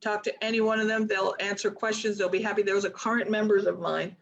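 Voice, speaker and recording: A woman trading mentor talking casually to a live online audience in an energetic, motivational way, with chatty asides. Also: mid-range voice, quick pace, vocal fry, muffled recording, slight background noise. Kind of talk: casual live-stream talk.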